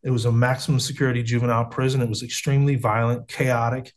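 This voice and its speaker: A man's voice: medium pitch, level tone, fast. A man in his thirties from the United States, telling his life story as a guest on a video call, earnest and casual, with many restarts and slang like "man" and "bro". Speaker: guest sharing testimony. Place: home setup on a video call.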